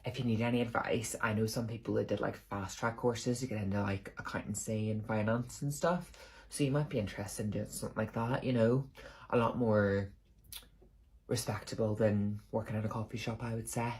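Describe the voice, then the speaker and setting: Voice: medium pitch, steady tone, a little fast, darkish tone, close to an everyday voice. A speaker with a British accent playing a condescending adult who pushes a barista about his career in a comedy skit. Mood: patronizing. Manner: patronizing, pushy questions.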